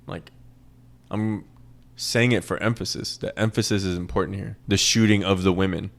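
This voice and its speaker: Male podcast host, casual profane rant, repetitive for emphasis, low-pitched. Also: fairly even intonation, moderate pace, vocal fry. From American South. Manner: profane, rambling, repeats lines for emphasis.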